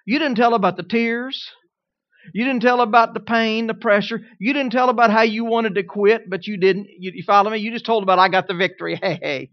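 A middle-aged man preaching a sermon, telling humorous stories with lively rising emphasis. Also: high voice, a little fast, no room sound, highs cut off.

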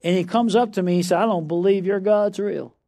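A man preaching a sermon, telling a story and then building to loud, emphatic declarations, often calling out "come on now.". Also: sits high, fairly quick. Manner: repeats "come on now" to the audience.

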